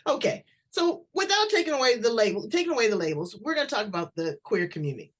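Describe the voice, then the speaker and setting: A woman's voice: fairly high pitch, fast talker. A woman hosting an interview, chatty and blunt, telling stories as she asks questions. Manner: blunt, chatty, animated storytelling. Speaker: talk show host. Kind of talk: interview, casual chat.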